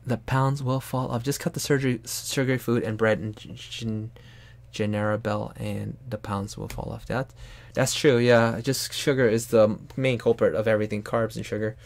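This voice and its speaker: A young man rambles casually over his drawing stream, shifting between easygoing talk and sudden loud, high-pitched exclamations. His mid-range voice is picked up close on a desk mic in a dry, dead room. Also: fairly even intonation, moderate pace, gravelly, no echo. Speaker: streamer and artist.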